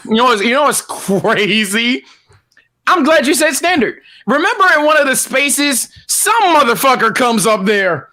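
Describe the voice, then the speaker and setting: A man's voice: very high voice, sing-song, unhurried, sharp tone. A man co-hosting a casual podcast, ranting in an exasperated, profane way with lots of repeated words. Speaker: podcast co-host.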